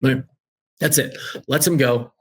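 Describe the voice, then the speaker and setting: Husky man telling a story with gusto. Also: medium pitch, a little slow. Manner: lively anecdotal storyteller, acts out quoted dialogue. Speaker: guest author. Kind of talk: animated storytelling.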